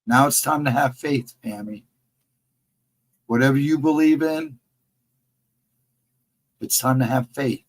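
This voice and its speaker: Husky middle-aged male co-host, earnest and reassuring, casual live chat. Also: mid-range voice, steady tone, slow pace, pauses often, low-quality recording. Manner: earnest, encouraging, repeats advice. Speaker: livestream co-host.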